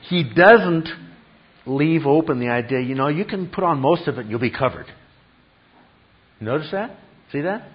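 A man's voice: on the high side, expressive, normal speed, long pauses, muffled recording. Emphatic man preaching a sermon. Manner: emphatic, repeats key phrases, asks the congregation questions. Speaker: pastor.

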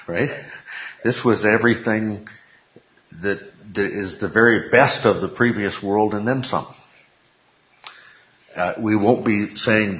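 A man's voice: fairly low pitch, a little slow, long pauses. A man teaching a Bible class, emphatic, repeating key phrases and putting questions to the class. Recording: echoey room, dull lo-fi sound.

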